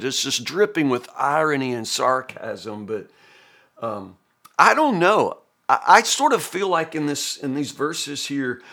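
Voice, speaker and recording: A man's voice: mid-range voice, fairly bright tone. Man thinking aloud over scripture. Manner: conversational and thinking aloud, with frequent restarts and "you know". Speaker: host of a daily Bible reading podcast. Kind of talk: casual spoken Bible commentary.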